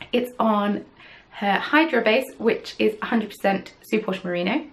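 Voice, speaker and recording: A woman hosts her podcast in a loose, rambling chat, poking fun at herself as she goes. Her mid-pitched voice carries a gravelly fry. She sounds recorded at home on a camera. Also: low-quality recording. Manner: chatty, rambling, self-deprecating. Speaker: podcast host. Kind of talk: casual chat.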